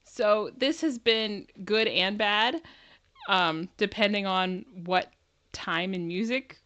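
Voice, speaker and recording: A woman's voice: medium pitch, slow pace, a bit bright. A woman from Canada co-hosting a casual livestream, chatting and explaining things. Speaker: co-host.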